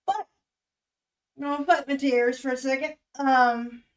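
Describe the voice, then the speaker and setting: A young woman in her twenties talking candidly and emotionally in a casual vlog, swearing freely and pausing with fillers. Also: high voice, steady tone, distant mic, rough recording. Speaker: music reaction vlogger. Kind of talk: casual chat.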